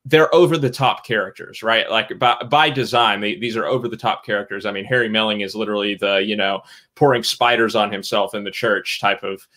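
A man co-hosting a casual film review chat, giving halting opinions full of fillers. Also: lowish voice, fairly even intonation, fairly bright tone. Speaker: film review podcast co-host.

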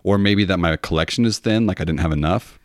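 A man with an extremely deep voice chats on a podcast in a loose, rambling way and laughs easily. He sounds close to the mic in a dry, dead room. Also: quick pace, no room sound. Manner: playful, rambling, laughs often. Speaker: podcast co-host. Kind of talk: casual chat.

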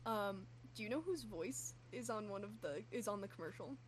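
A woman co-hosting a casual podcast chat about a horror film, talking in quick bursts with many restarts and easy laughter. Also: medium pitch, animated, slight background noise. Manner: chatty, lots of fillers and restarts, laughs easily. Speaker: podcast co-host.

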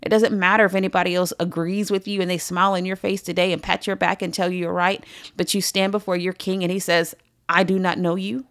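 A woman teaches a morning Bible study, her voice low-set and gravelly with fry. She speaks in an earnest, conversational manner and checks in with her listeners as she goes. The sound is dry and close, with little room around it. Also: flat delivery, brisk, fairly bright tone, dry recording. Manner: earnest, conversational, with frequent "right?" asides.

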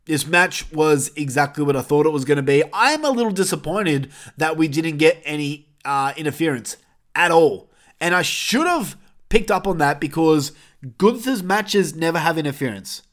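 Guy hosting a podcast, kinda high voice, swears a lot, blunt and rambly. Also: lively intonation, normal speed, fairly bright tone. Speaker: podcast host. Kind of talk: casual wrestling review.

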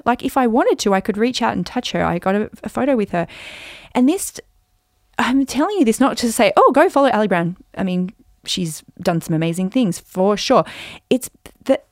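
A woman in her forties hosting a podcast, telling a personal story in an animated, chatty way with lots of fillers. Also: medium pitch, no echo, clean studio sound. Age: 40s. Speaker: podcast host.

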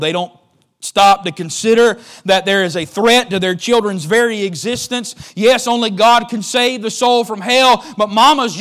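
A male pastor preaching a sermon. He calls out to the congregation and swings from quiet, low passages to loud, shouted exhortation.

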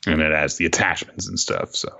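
A very deep-voiced man with a bright, forceful edge chats on a podcast. He is blunt and sardonic and drops casual swearing into his asides. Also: fairly even intonation, a little fast, gravelly. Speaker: podcast co-host.

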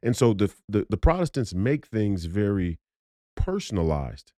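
A man's voice: lowish voice, very animated, a little slow, mellow, no echo, clean studio sound. A man co-hosting a podcast, talking at length in a lecturing way with many restarts. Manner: lecturing, wordy, stumbles on restarts. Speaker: podcast co-host. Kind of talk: casual podcast talk.

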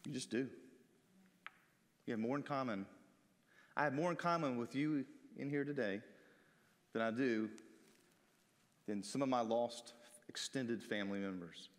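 A man's voice: medium pitch, measured pace, pauses often. A man preaching a sermon in a church, explaining Bible verses in a conversational way and asking the congregation questions. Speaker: pastor. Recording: long reverb of a large hall.

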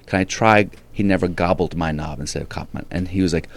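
Very low-voiced man telling stories. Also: fast talker. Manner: animated anecdote-telling with quoted voices and restarts. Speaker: guest comedian and actor. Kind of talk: casual storytelling interview.

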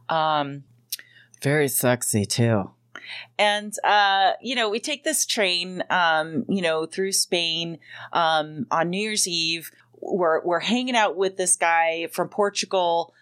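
A woman's voice: on the low side, fairly bright tone. A woman in her forties hosting a podcast, telling a long personal story in a rambling way, full of ums and casual swearing. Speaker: podcast host.

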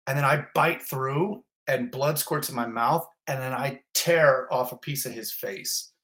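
A middle-aged man tells a personal story on a podcast, building it up in short, repeated, graphic clauses. His voice sits at an ordinary middle pitch, and the delivery stays intense and vivid. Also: measured pace, a bit bright. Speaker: fire captain, guest.

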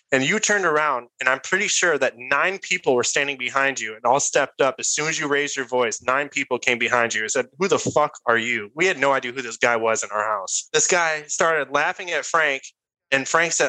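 A man's voice: medium pitch, normal speed, sharp tone, no room sound, poor audio. A man telling a rambling bar-fight story to friends in casual chat, acting out the quotes.

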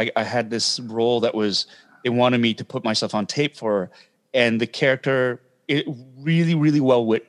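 Brief: Canadian man, mid-pitched, animated storyteller, casual podcast guest. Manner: animated anecdote-telling with acted-out quotes. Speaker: guest actor.

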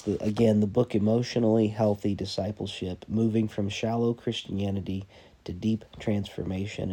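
Dark, husky male podcast host. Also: on the low side. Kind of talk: reading a story aloud.

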